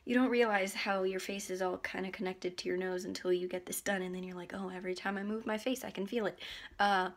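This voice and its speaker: A woman's voice: mid-range voice, steady tone, quick pace. A teenage girl vlogging in casual chat, rambling and giggling with lots of likes and ums, keeping her face still as she talks. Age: teens.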